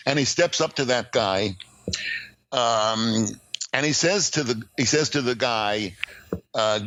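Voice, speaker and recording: An older man, a screenwriting teacher and podcast guest, telling stories in a lively way with plenty of fillers and restarts. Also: medium pitch, slow pace, pauses often, no room sound, rough recording. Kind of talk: casual interview, storytelling.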